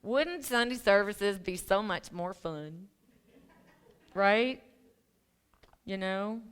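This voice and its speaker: Chatty woman minister with a smooth voice. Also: mid-range voice, drawn-out words. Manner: chatty, laughing asides, many restarts and ums. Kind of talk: casual conversational sermon. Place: church sanctuary.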